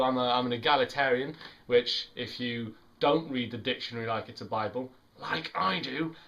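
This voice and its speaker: A man's voice: mid-range voice, pushed and bright. A young man from the United Kingdom talking casually and rambling cheerfully in a vlog about his song and friends. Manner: chatty, upbeat, rambling with self-corrections. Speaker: vlogger and songwriter.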